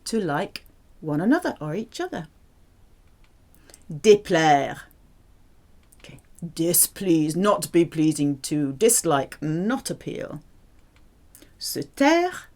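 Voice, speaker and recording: A woman teaching a French lesson, drilling verb forms slowly and checking in with the learner. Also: low voice. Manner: slow, deliberate drilling of verb forms with lively questions to the learner. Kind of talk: language lesson.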